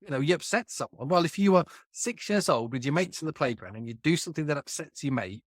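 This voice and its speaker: A man's voice: a little high, animated, quick pace, no room sound, clean studio sound. A man, an author talking as a guest in a casual conversation, speaking in an emphatic and colloquial way.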